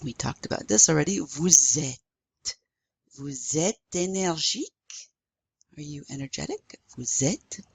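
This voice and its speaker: A woman's voice: low voice, animated, measured pace, gravelly, pauses often, husky. A woman teaching a recorded language lesson, carefully modeling pronunciation for learners to repeat. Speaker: French teacher.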